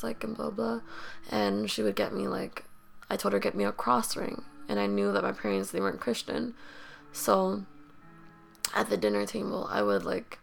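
Young woman, podcast host, heavy vocal fry, candid and rambling, faint music underneath. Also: medium pitch, a bit bright. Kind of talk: personal storytelling.

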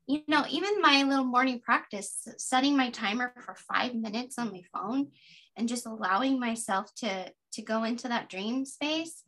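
A woman in her fifties, a podcast guest, sharing a personal practice in an earnest, gently guiding way. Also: a little high. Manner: earnest, gently guiding, slow deliberate affirmations.

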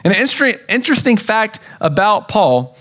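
A man's voice: high voice, very animated, moderate pace, a bit bright. A man preaching a sermon as pastor, telling a story in a casual way with acted-out quotes.

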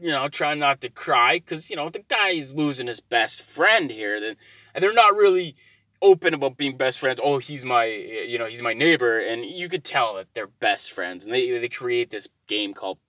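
A man's voice: mid-range voice, animated, moderate pace, dry recording. A man casually telling a rambling story, swearing freely and growing exasperated. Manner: rambling, profane, gets loud and exasperated.

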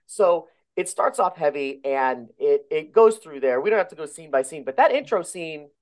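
A man's voice: a little high, expressive, normal speed, darkish tone. A man co-hosting a casual film review podcast, gushing with enthusiasm and heaping on superlatives. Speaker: podcast co-host.

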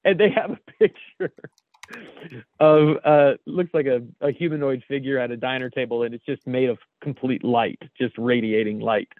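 A man's voice: medium pitch, steady tone, moderate pace. A man from the United States co-hosting a casual podcast, reading jokes aloud and laughing often at them. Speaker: co-host reading memes. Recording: dry, phone-like call audio.

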